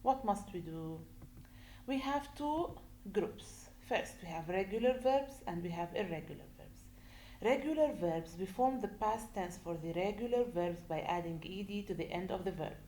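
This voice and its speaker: A woman teaching a grammar lesson, speaking slowly and deliberately, repeating points and asking rhetorical questions. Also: medium pitch, lively intonation, warm tone. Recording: echoey room with faint noise.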